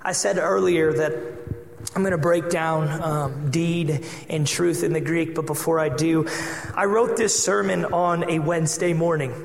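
A man preaching a sermon as pastor, telling a personal story with lively acted-out dialogue. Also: on the high side, a little slow, creaky. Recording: echoey hall with long reverb.

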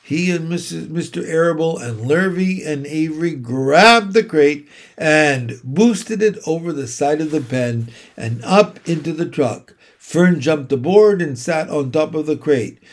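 A man reading a children's book aloud, narrating slowly and deliberately. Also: fairly high pitch, expressive. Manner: slow, deliberate storytelling.

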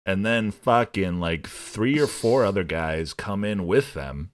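A man's voice: low voice, measured pace. A man hosting a casual movie recap podcast, telling the plot with swearing and acted-out bits of the characters. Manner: animated storyteller who swears and acts out characters. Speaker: podcast host.

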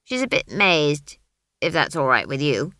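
A stern old village witch, as a woman reader puts her on, blunt and brisk, with a rustic turn of phrase. She speaks a little louder than the narration, in a lowish, dry voice with little room around it. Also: sing-song, dry recording, exaggerated voice.

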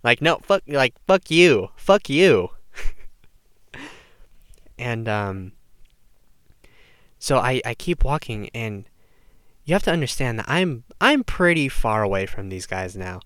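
A teenage boy telling a high school story in a casual rant, packed with "like" and sudden mock shouts. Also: slow pace, long pauses, clear, resonant tone, dry recording, clean studio sound. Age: teens. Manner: animated, lots of "like", mimics others with shouts.

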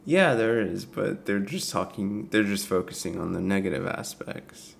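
Low gravelly guy rambling slow about songs, lots of i dunnos. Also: expressive, a little hiss or hum. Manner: hesitant, full of laughs and self-corrections. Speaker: podcast co-host. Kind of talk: casual chat about music.

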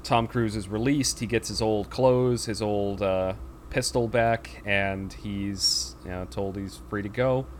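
A slightly low-voiced man rambles through a movie plot in a casual podcast chat. He acts out the characters' lines in passing, and a faint hum of room noise sits behind him. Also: a bit bright. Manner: rambling storyteller with fillers, acts out quoted lines.

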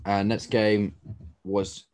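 A man's voice: lowish voice, level tone, slow, darkish tone. A young man hosting a casual football chat podcast, teasing his co-host and swearing freely.

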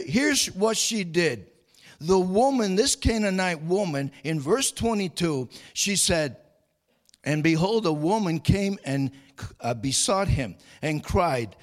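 A man's voice: fairly high pitch, sing-song, slow pace. A man preaching a sermon, reading scripture aloud and preaching with rising fervor, often restarting and repeating words. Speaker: pastor.

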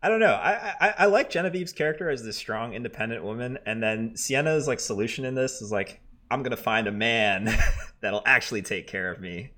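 A man's voice: medium pitch, fairly quick, sharp tone. A man co-hosting a podcast, chatting casually about a TV show in a loose, rambling way with many fillers and restarts. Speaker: podcast co-host.

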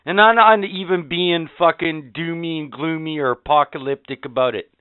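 A man in his fifties hosts a podcast and delivers a foul-mouthed, sarcastic, exasperated rant. His voice sits on the high side and moves at a moderate, smooth pace. The audio is narrow and tinny, with no echo.

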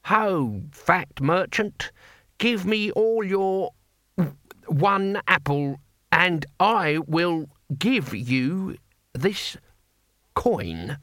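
A man voicing an ancient male barbarian hero who speaks slowly, haltingly and testily in an audiobook. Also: high voice, very animated, fairly bright tone, dry recording, clean studio sound, pitched above the performer's own voice, exaggerated voice. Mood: blunt. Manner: halting, slow and testy.

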